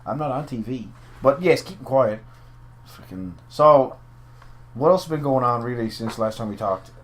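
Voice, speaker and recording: A man co-hosting a podcast, talking in an animated, profane way with emphatic asides. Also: medium pitch, normal speed. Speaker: podcast co-host. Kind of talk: casual wrestling chat.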